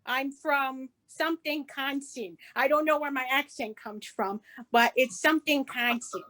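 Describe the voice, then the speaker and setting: A woman's voice: high voice, moderate pace, fairly bright tone. A woman playing an eager, rambling young activist in an improv comedy scene. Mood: earnest.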